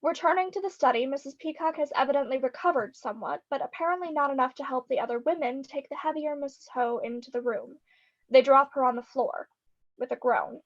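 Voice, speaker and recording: A woman with a high voice reads stage directions briskly and a little wryly. The sound is dull and lo-fi, like video call audio. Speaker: narrator.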